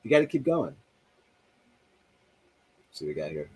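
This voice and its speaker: A man's voice: deep voice, big pitch swings, normal speed, mellow, breathy edge. A man hosting a livestream, chatting loosely and joking as he reads viewer comments aloud. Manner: loose, joking, talks to himself about a broken soundboard. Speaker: livestream host. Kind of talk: casual livestream chat reading comments.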